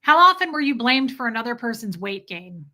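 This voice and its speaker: A woman's voice: a little high, sing-song, a little fast, sharp tone. A woman hosting a casual livestream, reading chat and rambling, cooing over her cat and swearing offhand. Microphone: streaming setup.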